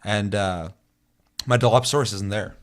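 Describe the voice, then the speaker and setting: A man's voice: fairly low pitch, moderate pace. A young man co-hosting a gaming podcast, telling long, rambling stories full of swearing in casual chat. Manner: rambling, profane storytelling. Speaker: podcast co-host.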